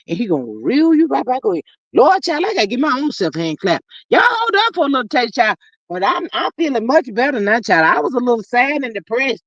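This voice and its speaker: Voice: sits high, no room sound. A live stream host reading viewer comments aloud in casual, sassy chat full of endearments. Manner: animated, sassy, drawling endearments. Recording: dull lo-fi dry audio.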